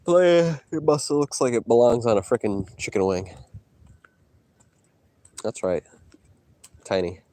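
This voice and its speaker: A man streaming from an outdoor hike, trash-talking his chat in a boastful, mocking way with loud teasing outbursts. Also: mid-range voice, big pitch swings, measured pace, pauses often, no echo. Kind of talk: casual trash talk to chat while hiking.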